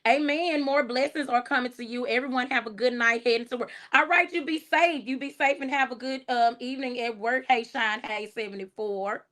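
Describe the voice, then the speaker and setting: A middle-aged woman with a Texas accent, chatting casually on her livestream, relaxed and soft-spoken, laughing as she reads viewer comments aloud. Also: a little high, brisk, few pauses. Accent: Texan. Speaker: livestream host.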